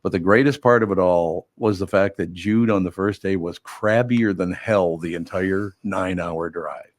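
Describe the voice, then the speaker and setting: Older male host, low-pitched, dry close mic, loose and self-mocking delivery. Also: moderate pace, no echo. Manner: rambling, wry, self-mocking. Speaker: radio show host. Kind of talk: casual chat.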